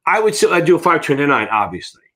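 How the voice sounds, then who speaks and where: A man's voice: fairly high pitch, big pitch swings, fast, fairly bright tone. A middle-aged American man teaching exam prep in a live Q&A, blunt and rambling, with frequent swearing.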